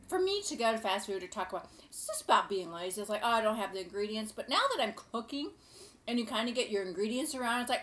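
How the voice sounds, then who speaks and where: A woman's voice: medium pitch, fairly bright tone. A woman hosting a casual cooking show, chatting to camera in a gushing, rambling way.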